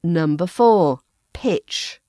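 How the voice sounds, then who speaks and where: A woman with a polished RP British accent presents a pronunciation lesson on her podcast. Her voice sits a little low and moves at an unhurried pace, with every sound carefully articulated. The recording is dry and close, with no room echo. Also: expressive, dark tone. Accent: RP British English. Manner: careful, precise enunciation. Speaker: accent coach and podcast host.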